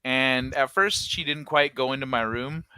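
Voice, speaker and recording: A man's voice: medium pitch, moderate pace, pushed and bright, smooth, dry recording. A young man co-hosting a casual chat, telling a long story in a rambling way full of "like" and restarts, with a casual curse here and there. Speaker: podcast co-host.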